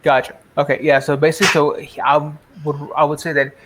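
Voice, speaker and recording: A man's voice: on the high side, level tone, quick pace, background noise. A man describing his character's actions in a tabletop game, hesitant and full of fillers. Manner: hesitant, many fillers and restarts. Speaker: player.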